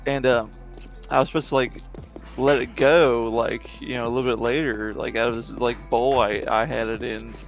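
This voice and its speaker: A young male streamer rambles through casual chat, circling back on himself with fillers and restarts. His voice sits at an ordinary middle pitch, with faint game music underneath. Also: steady tone, normal speed.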